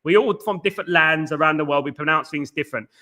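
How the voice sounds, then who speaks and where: Bright, chatty man hosting a fan stream. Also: on the high side, fast talker. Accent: Northern English. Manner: chatty, repeats words and shout-outs. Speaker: host of a football fan livestream. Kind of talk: casual live chat reading viewer comments.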